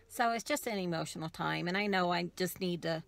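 A middle-aged woman from the United States, telling an emotional personal story in a soft, rambling way with many restarts. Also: on the low side, creaky. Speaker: craft vlogger.

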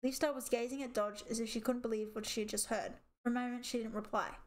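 Woman audiobook reader, fairly high voice, steady storytelling narration. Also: fast.

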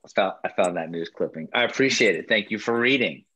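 A man's voice: on the low side, lively intonation, quick pace, sharp tone, husky, no echo. A man hosting a webinar over video call, talking in a laid-back way full of "man" and "you know.". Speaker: webinar host. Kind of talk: casual group video-call chat.

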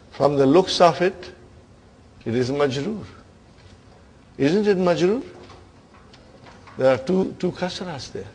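Grammar teacher, male, emphatic, fairly high voice, keeps checking that the class follows. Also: a little mellow, slight background noise. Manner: checks in with listeners often, emphatic. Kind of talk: classroom lecture.

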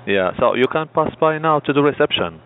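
A man's voice: on the high side, expressive, brisk. A man working as a hotel receptionist, polite and patient on the phone. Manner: polite, patient, many "mm-hmm"s. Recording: tinny phone line with faint noise.

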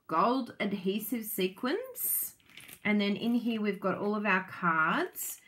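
A woman chatting casually as she unboxes craft kits, gushing and excitable, laughing often. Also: mid-range voice, a little hiss or hum. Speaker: craft vlogger and product demonstrator.

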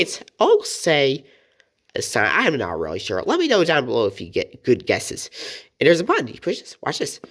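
Woman toy-review host: low voice, hugely swooping pitch, playful and giggly. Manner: playful, chatty, giggles often. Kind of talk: casual toy review narration.

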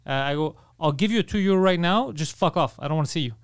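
A man's voice: fairly high pitch, fast, clear, resonant tone, no echo. A man co-hosting a casual comedy podcast, telling brash, profane stories and acting out both sides of them on a studio mic. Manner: brash storyteller, swears a lot, acts out both sides. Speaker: podcast co-host.

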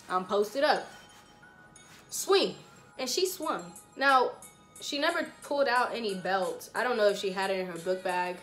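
A woman's voice: on the high side, pushed and bright. A young woman vlogger telling a story casually and animatedly, with lots of slang, talking straight to her viewers.

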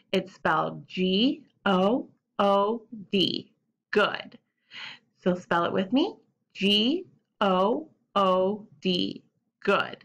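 A woman teaching sight words to young children, slowly sounding out and spelling letters and asking them to repeat after her. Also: medium pitch, fairly bright tone. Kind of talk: remote lesson for young children.

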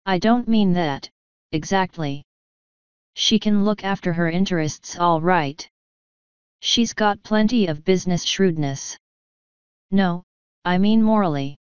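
A woman voicing an anxious, hesitant young male actor in an audiobook, speaking in a halting way. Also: fairly low pitch, clean tone, no echo. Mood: frank. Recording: dull, dry lo-fi audio.

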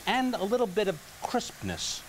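Lively-pitched man demonstrating a recipe. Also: moderate pace, a little hiss or hum, low-quality recording. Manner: explanatory, folksy, with restarts. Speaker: TV cooking show host. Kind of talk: cooking demonstration. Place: TV studio kitchen.

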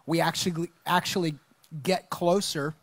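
Pastor guy hyped about the talk, slightly high voice, dry sound. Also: fairly even intonation, normal speed, a bit bright, no room sound. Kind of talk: conversational sermon talk. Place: church stage.

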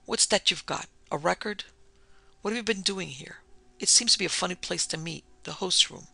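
A woman's voice: lowish voice, normal speed, vocal fry, sharp tone, breathy edge, dry recording, full character voice. A woman reading the part of a drunk, bewildered man who speaks thickly and pleads.

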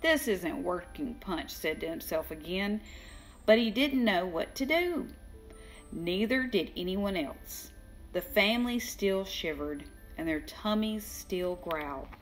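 An older woman reading a children's storybook aloud, slow and expressive, giving the characters their own voices. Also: mid-range voice, soft background music. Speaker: children's book reader.

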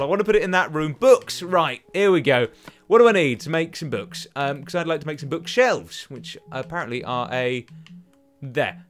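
Lively rambling young man gaming. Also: a little high. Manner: rambling, talks to himself and taunts enemies. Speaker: gaming channel host. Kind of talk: let's play commentary. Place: at home. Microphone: desk microphone.

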